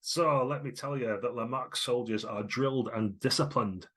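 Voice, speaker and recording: A man's voice: moderate pace, a bit bright, husky. A man voicing a brash, proud woman blacksmith who talks bluntly and teases. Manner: blunt, teasing, raised pitch.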